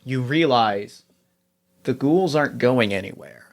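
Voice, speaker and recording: A man narrating a tabletop game as game master, animated, often repeating himself mid-sentence. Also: medium pitch, measured pace.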